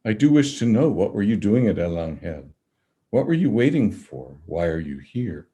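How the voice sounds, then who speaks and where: A man voicing a calm, menacing elderly male interrogator who questions slowly and politely in a low voice. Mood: calm, probing. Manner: slow, polite, measured questioning.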